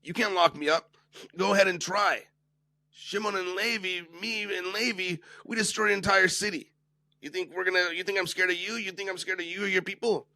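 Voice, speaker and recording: A brash biblical strongman hurls taunts and dares his captor to try locking him up, as a male teacher acts him out. The voice jumps noticeably higher and louder than the teacher's own. It stays cocky and challenging throughout. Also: steady tone, a little fast, no echo, full character voice, poor audio. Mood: defiant.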